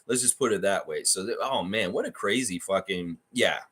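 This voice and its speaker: A man's voice: deep voice, normal speed, fairly bright tone, slightly rough. A man hosting a fan reaction livestream, ranting in a heated, profane, mocking way.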